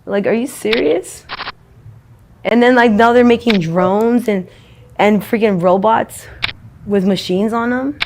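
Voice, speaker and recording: A woman's voice: mid-range voice, unhurried, pauses often, a little mellow, slight background noise. A woman speaking in a casual street interview, rambling and blunt, swearing freely.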